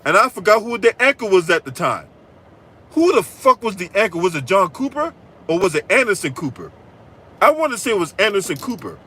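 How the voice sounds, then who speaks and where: A man's voice: high-pitched, very animated, fairly quick, bright, forceful tone, breathy edge, low-quality recording. A man hosting a political commentary channel, delivering a profane, mocking rant full of crude trash talk and repeated "right?".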